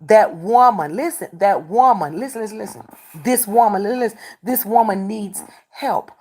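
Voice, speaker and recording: A woman's voice: medium pitch, normal speed, a little mellow. A woman streaming live who does readings, talking back to her chat in a combative, scolding way and repeating herself for emphasis. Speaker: livestreamer doing readings. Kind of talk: confrontational livestream talk to chat.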